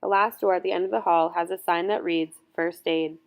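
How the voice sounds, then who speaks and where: A woman narrates a first-person audiobook in a measured, earnest reading voice. Her pitch sits a little low, and she keeps the scripted narration steady. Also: vocal fry.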